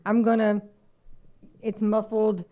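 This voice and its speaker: A woman's voice: mid-range voice, flat delivery, takes it slowly, mellow. A woman co-hosting a casual podcast, adding short asides and recounting a scene. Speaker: podcast co-host. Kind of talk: casual chat.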